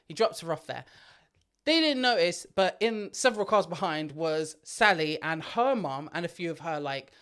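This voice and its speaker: A woman co-hosting a podcast, retelling a story in an animated way and swearing freely. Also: on the low side, moderate pace, clear, resonant tone. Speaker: podcast co-host. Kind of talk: casual chat, storytelling.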